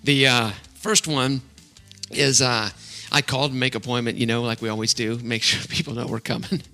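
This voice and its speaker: A man's voice: medium pitch, little pitch movement, moderate pace, sharp tone, faint music behind. A middle-aged man hosting a casual podcast, upbeat and rambling, laughing often between filler words. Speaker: podcast host.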